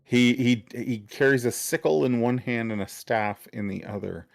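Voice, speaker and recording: A man narrating a tabletop game as game master, describing scenes in a halting way with many fillers. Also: medium pitch, vocal fry, soft background music.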